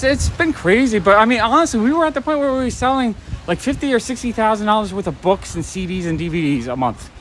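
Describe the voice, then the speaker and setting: A comic shop owner vlogger with a high-sitting, somewhat bright voice rambles casually as he walks and live-streams outdoors on a rainy night street. He gets a little out of breath, and faint street and traffic noise can be heard.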